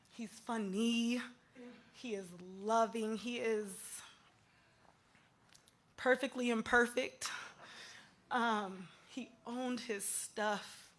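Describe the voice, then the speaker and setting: A woman's voice: medium pitch, fairly bright tone. A woman giving a light-hearted eulogy for her father, telling funny family stories in a storytelling manner. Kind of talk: eulogy with humorous anecdotes.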